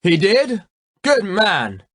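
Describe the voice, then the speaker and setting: A man voicing a confident English warrior prince in an audiobook, loud and brisk in command. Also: high voice, wildly swooping pitch, no room sound, voice pushed up, heavily acted. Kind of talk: audiobook reading.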